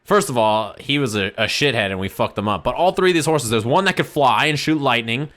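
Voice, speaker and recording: A man's voice: medium pitch, fairly quick. A man streaming, casually telling a rambling, profanity-laced story to his chat. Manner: animated, profane, rambling anecdote.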